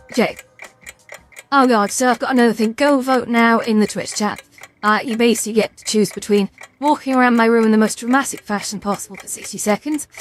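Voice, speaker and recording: A woman's voice: fairly high pitch, slight background noise. A young British woman streaming a quiz game, chatting casually, reading questions aloud and stumbling over hard words with a self-mocking, swearing manner.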